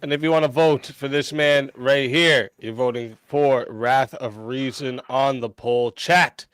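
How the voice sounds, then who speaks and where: Slow, smooth-voiced male stream moderator. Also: medium pitch, steady tone, fairly bright tone, dry recording. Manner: measured, addresses the chat. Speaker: debate moderator. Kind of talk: live stream hosting.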